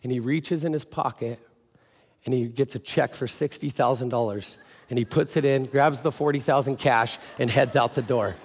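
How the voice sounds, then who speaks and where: A man's voice: medium pitch, moderate pace, breathy edge. A male pastor giving a sermon in a casual, joking storytelling way. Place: church. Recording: echoey church hall.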